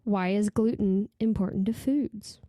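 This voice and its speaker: A woman's voice: mid-range voice, a little slow, no room sound, studio quality. A young adult woman hosting a casual podcast, explaining food facts with passion and frequent laughter. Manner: animated, laughing, fired-up explainer. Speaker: podcast host.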